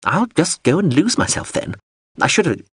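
Man voicing a snide floating drone, high whiny sarcastic voice, lively swoops, husky, dry audiobook sound. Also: normal speed, no echo, heavily acted. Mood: huffy. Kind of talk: audiobook character voice.

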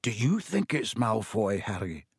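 A man's voice: lowish voice, very animated, unhurried, vocal fry, slightly rough, dry recording, clean studio sound, heavily acted. A man voicing a curious, gossipy teenage schoolboy in a storybook reading. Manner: inquisitive.

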